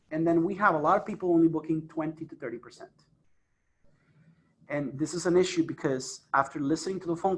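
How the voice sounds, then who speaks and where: A man's voice: fairly high pitch, a bit bright, reverberant. A man coaching a phone sales team, emphatic and repeating points for stress. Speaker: sales trainer. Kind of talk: phone sales training talk. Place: office phone room.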